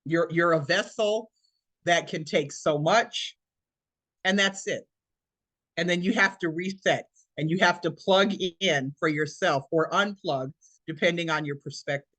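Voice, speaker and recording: A woman's voice: fairly low pitch, a little slow, a bit bright, no echo. A woman around sixty giving a motivational talk over a video call as presenter, emphatic and preacherly, repeating her points.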